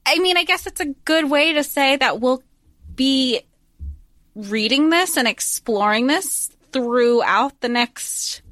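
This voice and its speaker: A woman's voice: high-pitched, lively intonation, takes it slowly, fairly bright tone, no room sound, clean studio sound. A woman co-hosting a book podcast, musing thoughtfully in casual chat. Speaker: podcast co-host.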